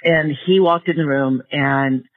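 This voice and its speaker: Halting man telling a story over a phone-like line. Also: a little high, steady tone. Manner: halting, many restarts and repeated words. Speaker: guest, project organizer. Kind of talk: storytelling in conversation.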